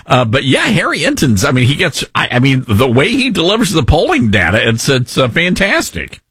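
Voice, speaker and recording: Brief: male talk host, husky, lively pitch, joking, conversational. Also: no room sound, studio quality. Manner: conversational, quick to joke. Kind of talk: casual political chat.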